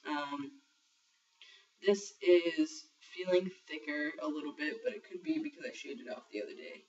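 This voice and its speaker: A man's voice: a little high, sing-song, normal speed. A young trans man talking casually in a video diary, rambling with lots of ums and the odd swear word. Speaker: vlogger sharing a transition diary. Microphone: built-in camera mic. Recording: muffled lo-fi camera audio from a distance.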